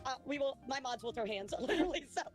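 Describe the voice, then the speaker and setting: A woman's voice: sits high, animated, fast talker, loud music behind the voice. A woman streamer interviewing a guest, upbeat and talking straight to her chat. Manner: upbeat, talks directly to chat. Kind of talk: livestream interview.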